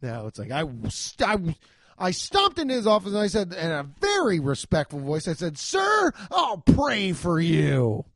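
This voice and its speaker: A man's voice: high-pitched, brisk, dry recording, clean studio sound. A man hosting a podcast, telling comic stories in a profane way and acting out quotes in goofy voices. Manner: animated, profane, acts out quotes in silly voices. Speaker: podcast host. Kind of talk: comedic storytelling.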